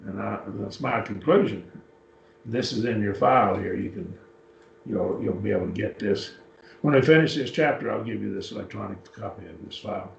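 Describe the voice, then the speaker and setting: A man's voice: on the low side, vocal fry. A man teaching a Bible class, explaining Greek word forms step by step as he works a computer. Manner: unhurried, explains step by step while working a computer. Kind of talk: classroom lecture on Greek words. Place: church classroom. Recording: echoey room, distant mic, dull lo-fi.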